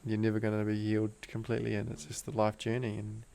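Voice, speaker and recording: This is a man with a low, gravelly voice. He tells a personal story in easygoing slang. His delivery stays flat and earnest, and it often drops to a soft hush. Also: fast. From Australia. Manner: laid-back slang, calls the host bro; earnest and emotional, drifts into soft hushed tones. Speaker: guest, breathwork teacher.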